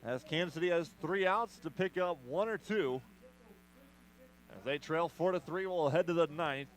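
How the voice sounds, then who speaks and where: A man doing play-by-play commentary for a baseball radio broadcast, brisk with playful asides. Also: on the high side, poor audio. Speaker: play-by-play announcer.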